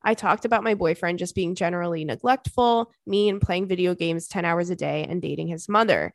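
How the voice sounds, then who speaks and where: A woman's voice: on the low side, fairly quick, no echo, studio quality. A young woman hosting a casual comedy podcast, reading listener emails aloud and riffing with swearing and frequent laughter. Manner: animated, swears, laughs often.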